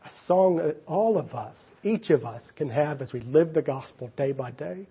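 A man preaching a sermon, swinging between loud emphasis and quiet, near-whispered moments. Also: a little high, lively intonation, normal speed, husky, muffled recording. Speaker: pastor.

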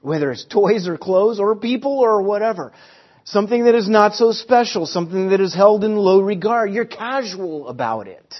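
A middle-aged pastor preaches at normal speed in a high-pitched voice with lively intonation, teaching earnestly and repeating key phrases for emphasis. The recording is dull and lo-fi.

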